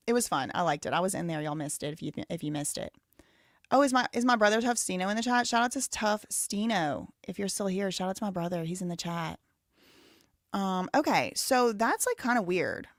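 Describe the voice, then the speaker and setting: A woman's voice: mid-range voice, dry recording, studio quality. A woman in her thirties hosting a live stream, rambling casually and thinking aloud with lots of "like" fillers. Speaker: livestream host.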